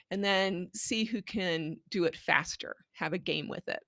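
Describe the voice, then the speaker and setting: A woman calmly walks parents through how to read a picture book with their child, speaking at an unhurried, deliberate pace. Her voice sits in a middle register and sounds close and dry, with no room around it. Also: lowish voice, dry recording. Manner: patient, explaining, models read-aloud phrases. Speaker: children's language book presenter. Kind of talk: instructional tips for reading aloud.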